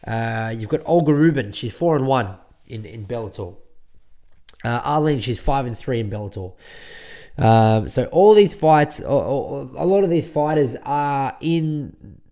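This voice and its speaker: A man's voice: medium pitch, animated, unhurried, dark tone. A man hosting a solo sports podcast, rambling and repeating himself as he rants through his opinions. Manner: rambling, repeats words, ranting. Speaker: podcast host.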